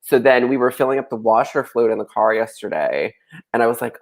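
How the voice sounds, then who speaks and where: Gravelly young man telling a playful story. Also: medium pitch, lively intonation, brisk. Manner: storytelling, playful, laughs a lot. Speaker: guest author. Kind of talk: casual livestream chat. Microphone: video call.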